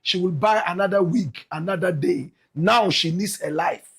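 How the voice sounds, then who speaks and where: A man with a Ghanaian accent giving animated political commentary. He is emphatic, often addresses listeners as "my brother, my sister" and bursts into shouts. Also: high-pitched, moderate pace, husky.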